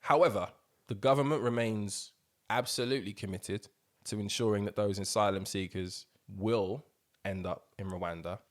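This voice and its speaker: A man's voice: on the low side, steady tone, normal speed. A man co-hosting a podcast in loose, slang-heavy casual chat. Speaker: podcast co-host.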